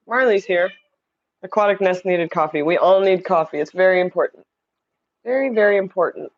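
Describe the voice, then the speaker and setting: This medium-pitched woman speaks at a moderate pace, with the highs cut off by her streaming setup mic. She's a chatty livestream host from Indiana, casually reading viewer comments aloud and greeting viewers by name.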